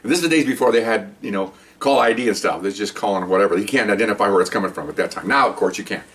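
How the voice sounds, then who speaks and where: Brief: quick, chatty retired policeman in his sixties spinning a yarn, distant mic. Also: on the low side, a bit bright. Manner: chatty and rambling, with frequent restarts. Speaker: retired police officer telling stories. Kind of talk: casual spoken anecdote.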